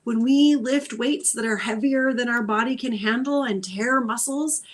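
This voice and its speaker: A woman hosting a spiritual livestream as an intuitive healer. She talks softly and meanders, repeating phrases meditatively, with frequent sighs and whispered phrases. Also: a little high, normal speed.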